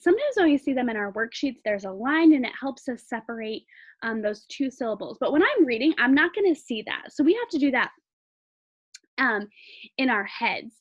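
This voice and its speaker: A woman teacher giving a recorded phonics lesson, patiently sounding words out slowly for young learners. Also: high-pitched, breathy edge, dull audio.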